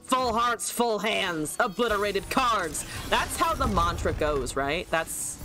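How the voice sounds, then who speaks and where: A woman's voice: medium pitch, animated, slow pace, over music. A woman streamer casually commentating her card game, joking, laughing and swearing freely.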